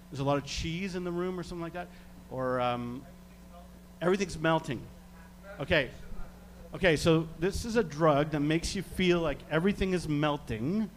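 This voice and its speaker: A Canadian stage hypnotist guest with a slightly high voice leads a live hypnosis demonstration, talking subjects under with slow, soothing suggestions. He chuckles often between them, and a faint hum sits beneath his voice.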